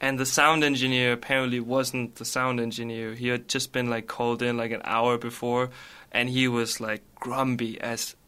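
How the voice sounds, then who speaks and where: A man chatting as a musician guest, his voice bright and crisp. He talks in a flat, even line and strings his thoughts together with plenty of "you know"s. It sounds like a relaxed, rambling interview. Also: mid-range voice, normal speed, few pauses. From Denmark. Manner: rambling, filler-heavy, laughs easily. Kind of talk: casual interview chat.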